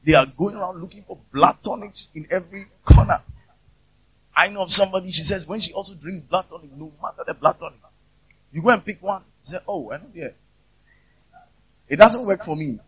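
A man's voice: high-pitched, a little fast, fairly bright tone, slightly rough, no room sound. A man preaching a conversational sermon, asking rhetorical questions and acting out the voices of people he quotes. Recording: dull, lo-fi recording.

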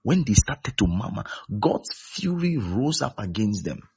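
A man delivers a sermon in a low, raspy, gravelly voice. His pitch swings widely as he drives home his points and repeats key phrases. The recording is dull and lo-fi. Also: sing-song, measured pace, a little mellow. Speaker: preacher.

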